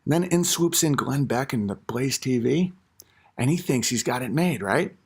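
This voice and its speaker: A man's voice: medium pitch, animated, moderate pace, breathy edge. A man hosting an online comedy rant, crude and mocking.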